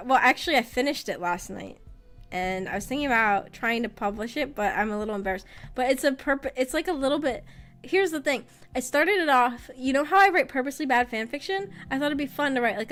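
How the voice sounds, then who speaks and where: A woman VTuber chatting casually on stream, rambling and often laughing, her voice slightly rough after being sick. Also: high-pitched, fairly bright tone. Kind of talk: casual live-stream chat.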